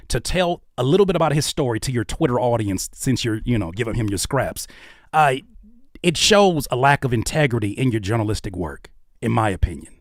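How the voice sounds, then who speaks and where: A man's voice: mid-range voice, no echo, studio quality. A man in his thirties giving heated, preachy reaction commentary on video clips, swearing freely.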